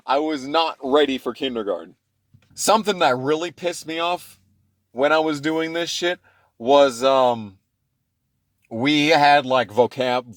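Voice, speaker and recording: A man in his twenties telling childhood stories in a casual, profane, rambling way, swinging between loud rants and low mutters. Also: no room sound. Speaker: channel host. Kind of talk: casual storytime monologue.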